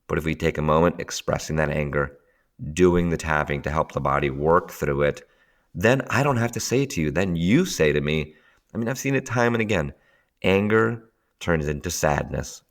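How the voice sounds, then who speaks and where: A man's voice: low-pitched, animated, moderate pace, a bit bright. A middle-aged man, a guest in a casual conversation, talking animatedly, laughing often and acting out voices as he tells stories.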